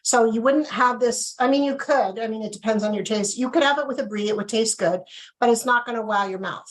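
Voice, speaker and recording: A woman's voice: on the high side, fairly quick, a little hiss or hum, rough recording. A woman casually leading a wine and cheese tasting on a video call, chatty and asking "okay?" after each point. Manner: chatty, checks in with okay often. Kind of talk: casual live tasting demo.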